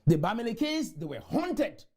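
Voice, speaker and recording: A man from Cameroon, giving a motivational conference speech full of repeated chants that burst into shouts. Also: sits high, very animated, normal speed, husky. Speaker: motivational speaker. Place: conference room.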